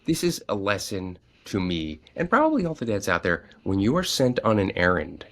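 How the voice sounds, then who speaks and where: A middle-aged man co-hosting a dad podcast, telling a story in casual chat and jumping up in pitch to act out the people he quotes. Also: normal speed. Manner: animated, jumps high to act out quoted voices. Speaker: podcast co-host.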